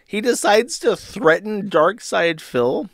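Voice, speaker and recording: A man's voice: high voice, expressive, takes it slowly, a bit bright, no echo, studio quality. A man hosting an online commentary show, ranting sarcastically with heavy profanity and rambling asides. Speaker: commentary host.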